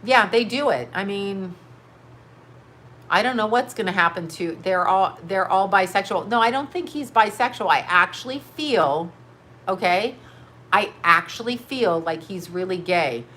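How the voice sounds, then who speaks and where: A woman's voice: mid-range voice, lively intonation, a little slow, bright, forceful tone. A woman hosting a casual commentary show, rambling frankly with lots of swearing and frequent bursts of laughter. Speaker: host.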